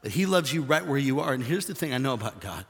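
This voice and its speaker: An older man preaching a sermon, folksy and jokey, swinging from hushed asides to shouting. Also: medium pitch, expressive, fast talker, husky, long reverb tail. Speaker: pastor.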